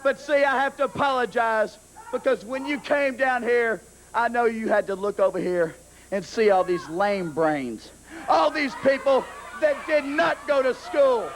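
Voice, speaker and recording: High, boastful young man. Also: animated, a little slow, a little hiss or hum. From Southern US. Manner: boastful, sneering, arrogant. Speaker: wrestler. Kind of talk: 1990s wrestling promo.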